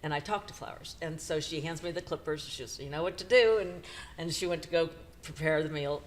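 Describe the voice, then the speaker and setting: A middle-aged woman co-hosting a podcast, retelling a painful personal story in a halting, emotional way with nervous laughs. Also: low-pitched, steady tone. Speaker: podcast co-host.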